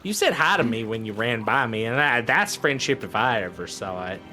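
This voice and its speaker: A man's voice: medium pitch, animated, a little fast, sharp tone, slight background noise. A man running a tabletop game as game master, chatting casually and repeating words as he rules.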